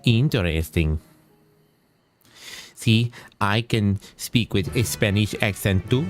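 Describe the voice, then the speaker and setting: A man's voice: on the low side, slow, pauses often, faint music behind. A man casually commenting on his game during a livestream, playful and jokey, muttering to himself as he plays. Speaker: game streamer.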